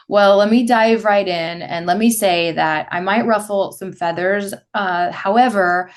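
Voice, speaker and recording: Host, woman, mid-pitched, chatty and candid solo talk. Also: a little slow, hardly any pauses. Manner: chatty, candid, laughs easily. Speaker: podcast host; fitness instructor trainer. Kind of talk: casual monologue.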